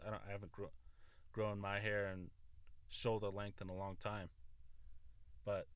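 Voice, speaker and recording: Young male podcaster, bright dry voice, rambling and swearing, close mic. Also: lowish voice, dry recording. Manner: rambling, self-mocking, swears often. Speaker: podcast host.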